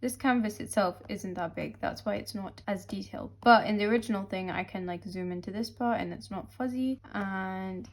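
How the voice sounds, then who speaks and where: A woman's voice: mid-range voice, normal speed, hardly any pauses. A young woman talks through her drawing work in a loose, rambling vlog voice. She is playful, full of silly slang and offhand asides. She sounds a little tired and out of breath. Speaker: webcomic artist. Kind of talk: casual studio vlog.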